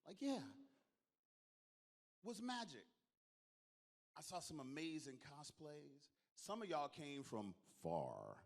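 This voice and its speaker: A man's voice: on the high side, huge pitch swings, slow, vocal fry, long pauses. A man, giving a joking, storytelling closing speech to a crowd as a convention organizer. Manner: storytelling, joking, calls on the audience to applaud. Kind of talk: lively onstage speech to a crowd. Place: convention hall stage.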